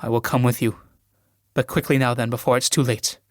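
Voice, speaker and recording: A man's voice: medium pitch, flat delivery, a little fast, no room sound, clean studio sound, voice pushed down, lightly acted. A man reading the part of a curt, scornful young male valet in a solo reading of a stage play, giving clipped orders. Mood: curt impatient. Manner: clipped, dismissive commands.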